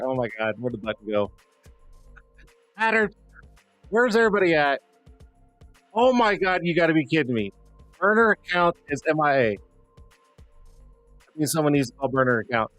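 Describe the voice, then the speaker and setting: A man's voice: high voice, a bit bright, no room sound. A man hosting a casual livestream chat, joking and swearing as he goes, his voice a bit strained. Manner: loose, joking, swears and laughs often. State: slightly strained voice. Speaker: livestream host.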